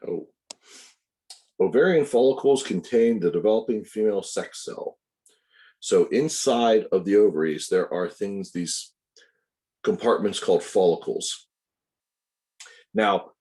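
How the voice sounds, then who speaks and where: A man's voice: deep voice, warm tone. A man giving a recorded anatomy lecture, explaining step by step, correcting himself and adding asides to his students. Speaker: anatomy instructor.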